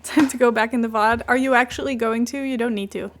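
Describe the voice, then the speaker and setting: A woman with a slightly high voice chats loosely through a game livestream. She rambles from thought to thought and drops into soft cooing whenever her cat comes near. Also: fairly even intonation, fast. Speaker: game streamer. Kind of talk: casual livestream chat.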